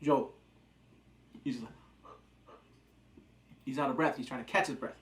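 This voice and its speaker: A man's voice: medium pitch, unhurried. A man reviewing a TV episode in a casual, rambling, jokey recap chat. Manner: rambling, jokey, acts out quotes. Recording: roomy echo.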